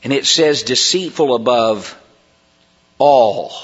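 A man preaching a sermon in a church, emphatic and rising to near shouts on key words. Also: on the high side, animated, moderate pace, breathy edge. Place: church sanctuary. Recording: dull sound with long hall reverb.

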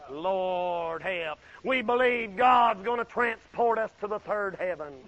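A man preaching a folksy sermon, swinging from loud exclaiming to low murmured asides. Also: expressive, slow, dull audio.

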